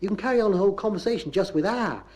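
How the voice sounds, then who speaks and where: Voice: medium pitch, expressive, racing, darkish tone, rough recording. A comic performer with a Bristol accent giving a mock lecture on local speech, on a 1970s comedy record. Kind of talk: comic talk on dialect.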